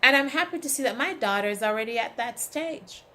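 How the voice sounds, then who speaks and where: A woman's voice: a little high, brisk, slight background noise. A woman giving an inspirational talk, speaking emphatically and telling stories with acted-out quotes. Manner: emphatic, asks the audience "right?"; animated storytelling with acted quotes. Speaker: motivational speaker.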